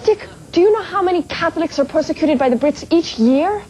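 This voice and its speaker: Earnest, indignant Irish ex-beauty queen, high voice, studio audience rumbling behind. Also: expressive, fairly quick, crowd noise, noisy background. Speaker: talk show guest. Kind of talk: sitcom acting.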